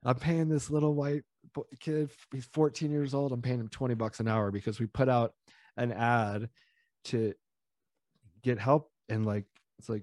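A man's voice: medium pitch, fairly even intonation, normal speed, a little mellow, no echo. Man, casual podcast talker, rambling and heated, dry close mic. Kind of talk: casual chat.

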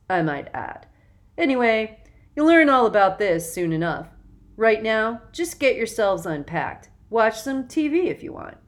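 Smug cruel young man, condescending, loud and pushy, storybook reading, as a woman reads him. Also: mid-range voice, natural voice. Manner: condescending, snapping.

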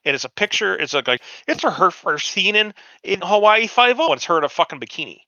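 A man's voice: sits high, very animated, quick pace, sharp tone, dry recording, muffled recording. Profane storytelling man in his forties. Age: 40s. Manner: profane, rambling anecdotes with acted-out quotes. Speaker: podcast host. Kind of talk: casual storytelling chat.

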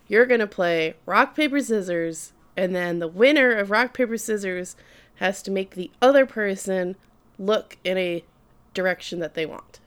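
Woman, casual chat, recapping an anime, lively storyteller, cursing, laughing, smooth clear voice. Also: mid-range voice. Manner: animated storyteller, swears freely, laughs often. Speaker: podcast co-host.

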